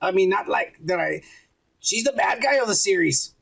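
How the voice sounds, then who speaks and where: A man with a fairly high, husky voice rambles through an episode recap, swearing freely and slipping into the lines he quotes. Casual podcast chat between friends. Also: expressive, moderate pace, a bit bright, low-quality recording. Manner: crude, rambling, acts out quotes. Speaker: podcast co-host.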